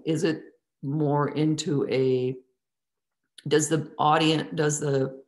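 A woman teaching a theatre class in a lecture style, asking the students many questions and drawing words out for emphasis. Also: low voice. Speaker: theatre instructor.

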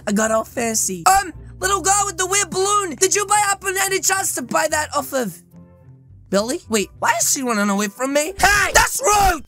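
A woman giving loud, excitable, comedic role-play commentary over gameplay, often shouting and laughing. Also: sits high. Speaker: gaming YouTuber.

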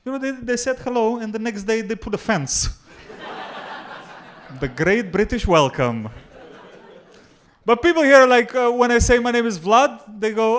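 Macedonian man doing lively stand-up. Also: high voice, moderate pace. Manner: deadpan jokes with lively crowd work. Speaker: stand-up comedian. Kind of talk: stand-up comedy set. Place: comedy club before a live audience.

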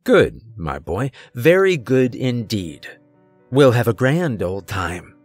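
A man voicing a soft-spoken, sinister older stranger who speaks in a polite, formal way with a quiet mocking edge, in a horror storybook reading. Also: medium pitch, very animated, takes it slowly, no echo, soft background music, heavily acted.

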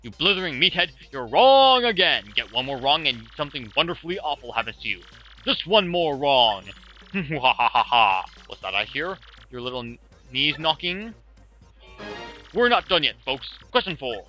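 Gloating male fortress quiz-master, read by a man: hammy, taunting, bright-toned, game soundtrack under. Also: medium pitch, very animated, measured pace, soft background music.

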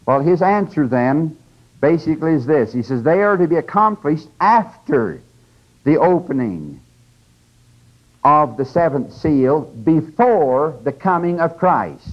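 A man's voice: fairly high pitch, big pitch swings, a little slow. An older man giving a conversational, emphatic religious lecture, with teaching asides to his audience. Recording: dull lo-fi lecture tape.

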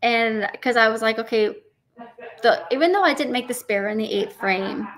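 Woman guest from Arizona, chatty and animated, quotes herself in lively bursts. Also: a little high, normal speed. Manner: animated storyteller, acts out her own inner thoughts. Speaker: guest, professional bowler. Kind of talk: casual interview.

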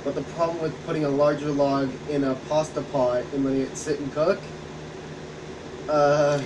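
His voice is on the high side and his delivery flat as he talks at a moderate pace. He co-hosts a gaming channel's stream, spinning rambling, profane stories in casual chat over gameplay. A distant mic captures him along with a background hum.

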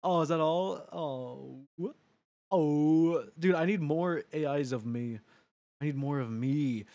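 A man chatting casually on a gaming livestream, excitable, laughing often, swearing and breaking into sudden yelps. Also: a little high, takes it slowly, gravelly, dry recording. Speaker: streamer.

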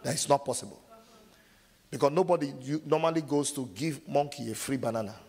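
A man preaching a sermon as pastor, asking the congregation to finish verses and acting out scenes with loud shouts. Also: medium pitch, brisk, slightly rough. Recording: long hall reverb.

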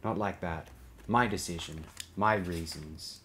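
Tense, defiant young woman smuggler read by a male narrator, low and muttered, audiobook. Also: steady tone, quick pace, warm tone, a little hiss or hum, lightly acted. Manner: muttered through clenched teeth.

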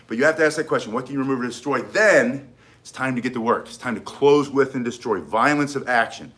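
A middle-aged man teaching self-defense in a loose, casual way. He speaks at an ordinary pitch, stresses his main points emphatically, repeats them and often starts a sentence over. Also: expressive, brisk, a bit bright. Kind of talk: casual instructional talk.

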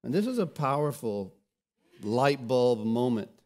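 A man's voice: medium pitch, sing-song, unhurried, a little mellow. A pastor preaching a sermon, often repeating words as he restarts, and telling scripture stories dramatically.

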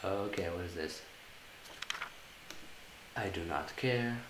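A man's voice: deep voice, slow pace, echoey room, noisy background. A man giving let's-play commentary on a horror game, jumpy and swearing, talking to himself as he plays. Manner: jumpy, swearing, talks to himself while playing. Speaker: gaming channel host.

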